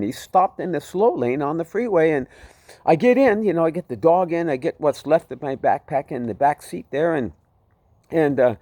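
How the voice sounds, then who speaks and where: A man's voice: a little high, darkish tone, no room sound. A man telling his personal testimony in a vivid, dramatic way. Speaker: storyteller giving his testimony.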